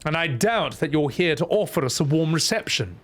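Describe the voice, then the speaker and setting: A man voicing a regal, composed queen in a game, speaking in a stately, measured way. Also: fairly high pitch, lively intonation, close to an everyday voice. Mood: gracious.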